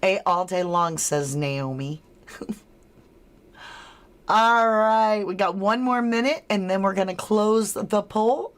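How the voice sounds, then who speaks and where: A woman hosting a true-crime livestream, chatting with viewers, reading their comments aloud and running a poll, laughing often. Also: medium pitch. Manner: chatty and unhurried, laughs often, drawn-out words. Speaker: livestream host.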